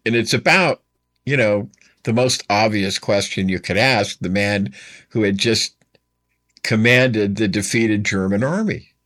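A man with a fairly low voice lectures on history like a storyteller. He leans hard on his key points, repeating them and urging the listener to stop and think. The delivery is direct and conversational. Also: fairly bright tone.

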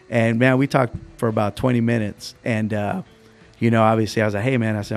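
A young man with a lowish voice hosts a casual podcast chat. He tells stories in a relaxed, rambling way, full of fillers. His voice cracks here and there. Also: fairly quick, soft background music. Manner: laid-back, storytelling with lots of fillers. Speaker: podcast host.

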